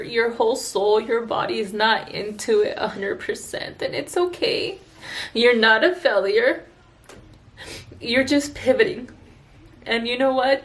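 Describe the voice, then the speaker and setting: Tearful woman vlogger with a fairly high voice, slow unhurried delivery, earnest and halting. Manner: earnest, halting, with sighs and restarts. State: tearful, crying. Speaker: esthetician vlogger. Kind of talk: emotional personal vlog talk.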